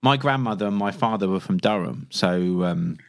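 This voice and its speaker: A man's voice: deep voice, moderate pace, creaky. A middle-aged man hosting a podcast, chatting casually with hesitant restarts. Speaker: podcast host. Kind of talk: casual chat.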